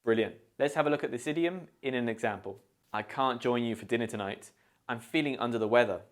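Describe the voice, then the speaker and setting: British man teaching idioms slowly and deliberately. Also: mid-range voice. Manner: slow, deliberate modelling of pronunciation. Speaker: English teacher. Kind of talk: scripted language lesson.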